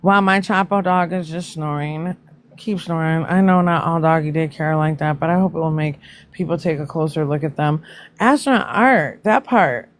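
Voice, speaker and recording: A woman's voice: deep voice, moderate pace. A woman hosting a casual live stream, reacting to news with blunt, profane asides to her viewers.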